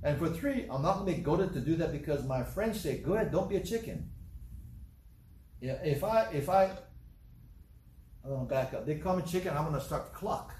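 A man's voice: on the high side, animated, brisk, a little mellow, recorded from a distance. An older man preaching a sermon in a church hall, telling stories with humorous asides and repeating his points. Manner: storytelling, repetitive, humorous asides. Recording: echoey room from afar.

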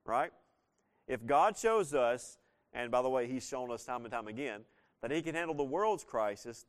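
Man preaching in a conversational way. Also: medium pitch. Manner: conversational storytelling, slows down to stress key phrases. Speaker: pastor. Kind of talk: sermon.

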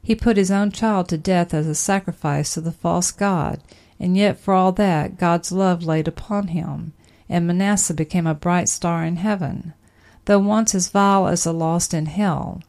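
Woman reading a sermon, low register with heavy vocal fry, measured and emphatic. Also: darkish tone. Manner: measured, emphatic preaching delivery. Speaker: sermon reader. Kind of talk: read-aloud sermon.

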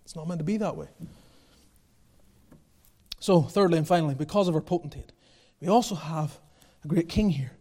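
Male preacher with a high voice, passionate and emphatic, builds to shouts and drops to quiet asides. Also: moderate pace, long pauses. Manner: passionate, rising to near-shouting then dropping low; repeats phrases, chuckles. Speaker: pastor. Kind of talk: sermon.

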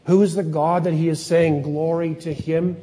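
A man preaching a sermon, telling stories with lively energy and sometimes acting out excited scientists in a higher voice. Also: moderate pace. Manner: animated storytelling, acts out excited scientists in a higher voice. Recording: long hall reverb.

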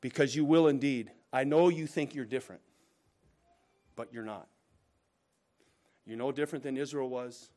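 A man preaching a sermon as pastor, swinging between loud emphatic bursts and hushed, slow asides, and asking listeners rhetorical questions. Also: mid-range voice, fairly even intonation.

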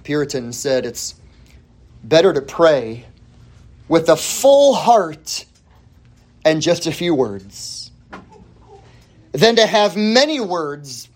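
A man preaching a sermon as pastor, emphatic, repeating key words and swinging between loud and hushed delivery. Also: a little high, sing-song, slow pace, pauses often.

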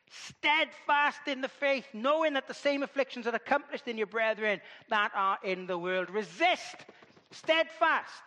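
Man, preacher, sermon, very high bright voice, echoey hall. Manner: animated storytelling, acts out voices.

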